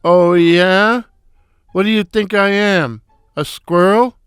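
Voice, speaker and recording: A man voicing a brash, crude, wisecracking male slapstick comic with a loud foghorn voice in a read-aloud story. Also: high voice, fairly even intonation, slow pace, clean tone, dry recording, studio quality, soft background music. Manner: wisecracking, boisterous. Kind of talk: storybook character voice.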